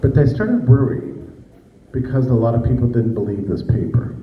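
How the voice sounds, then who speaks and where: A man's voice: mid-range voice, expressive, moderate pace, narrow, tinny audio. A man giving a public talk in an emphatic, sarcastic way, with rhetorical asides to his audience. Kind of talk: public lecture. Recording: echoey room, heard from a distance, faint noise.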